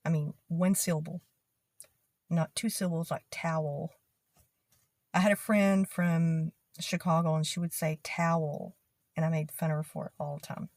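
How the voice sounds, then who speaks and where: Texan woman vlogger, a touch low, dry close sound, laid-back and chatty. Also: no echo. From Texas. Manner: chatty, laughs often, drawls words out. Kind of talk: casual explainer video.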